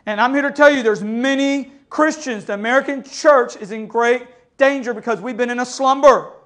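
A pastor delivering an impassioned sermon in a church, moving between loud exhortation and hushed storytelling and often asking his listeners for an amen. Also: very high-pitched, moderate pace. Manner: calls listeners "family" and keeps asking "amen?". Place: church sanctuary.

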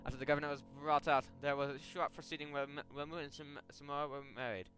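Quick bright-voiced man narrating a game. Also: fairly high pitch, fairly even intonation. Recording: faint background music.

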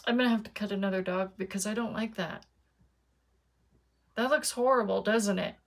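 A woman's voice: mid-range voice, moderate pace, gravelly, slight background noise. A woman chatting casually to her viewers while she demonstrates card making at her craft desk.

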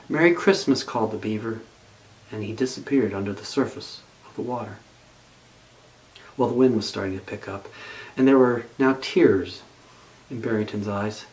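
Male pastor, story time in a sermon, unhurried and expressive. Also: medium pitch, poor audio. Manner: expressive read-aloud storytelling.

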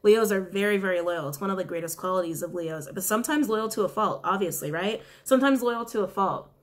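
A woman at a middle pitch for her sex gives a loose, conversational tarot reading. She speaks casually and bluntly, swears without hesitation, and keeps repeating her questions to the cards as she draws. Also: quick pace. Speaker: tarot reader.

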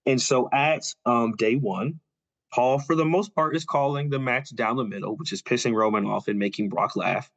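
A young man casually retelling a story on a podcast, loose and filler-heavy, dropping quick quoted lines as he goes. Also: mid-range voice, fairly bright tone. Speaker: podcast co-host. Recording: dull lo-fi audio.

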